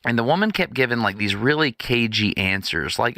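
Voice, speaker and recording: A man's voice: mid-range voice, expressive, a little fast, pushed and bright, dry recording, studio quality. A man co-hosting a podcast, telling a story in casual chat and acting out the people in it. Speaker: podcast co-host.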